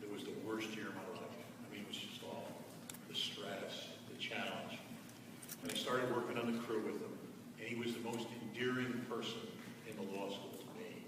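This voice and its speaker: A man's voice: lowish voice, steady tone, moderate pace. Man in his 60s, wry self-mocking storyteller, echoing hall, distant mic, room hiss. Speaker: alumnus speaker at a scholarship celebration. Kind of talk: humorous anecdotal speech. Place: large event hall. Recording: echoey hall, distant mic, background noise.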